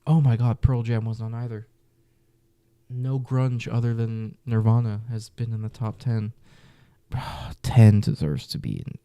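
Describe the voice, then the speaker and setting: A man's voice: medium pitch, measured pace, dark tone, clear, resonant tone, no echo, dull audio. A man reacting casually to a music list, muttering exasperated, profane comments with whispered asides.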